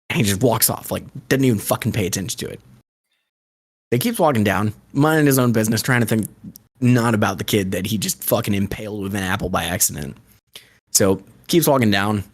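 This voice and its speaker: A young man co-hosting a podcast, telling a long joke in a rambling, profane, laid-back way. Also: lowish voice. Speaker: podcast co-host. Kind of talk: casual joke storytelling.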